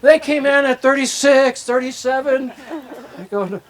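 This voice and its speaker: A very high-pitched older man, speaking a little slowly, gives his hall of fame induction speech at an outdoor ceremony held on a disc golf course. He's a rambling storyteller who acts out the conversations in his anecdotes.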